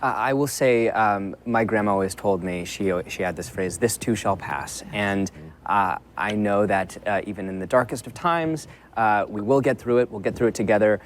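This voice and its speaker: A voice actor on a panel, speaking earnestly and warmly from the heart. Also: male voice, on the low side, moderate pace, slight background noise. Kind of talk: panel chat.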